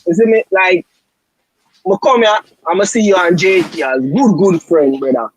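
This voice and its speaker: A man with a Jamaican accent in casual chat, pleading and trying to calm a friend down. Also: high-pitched, normal speed, a little hiss or hum, rough recording. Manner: pleading, tries to calm the other.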